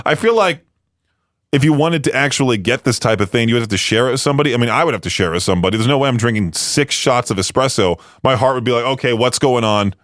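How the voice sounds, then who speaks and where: An American radio host chats casually in the studio, using lots of fillers and self-deprecating asides. His voice is mid-range, and there's no echo.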